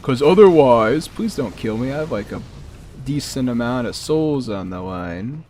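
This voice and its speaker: A man's voice: mid-range voice, animated, normal speed, a little mellow, a little hiss or hum. A man streaming a game live, chatting in a joking, rambling, self-mocking way at a desk microphone. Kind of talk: casual live gameplay commentary.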